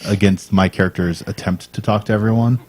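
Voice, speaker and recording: A man's voice: fairly low pitch, steady tone, brisk, darkish tone. A man co-hosting a podcast, chatting casually in a rambling, hesitant way with fillers. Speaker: podcast co-host. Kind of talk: casual chat.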